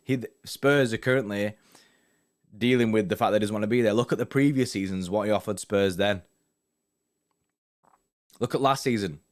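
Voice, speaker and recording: A man's voice: on the low side, normal speed, long pauses. Young guy on a fan stream, laid-back banter, lots of mate and innit. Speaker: football fan channel host. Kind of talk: casual live-stream chat reading viewer comments.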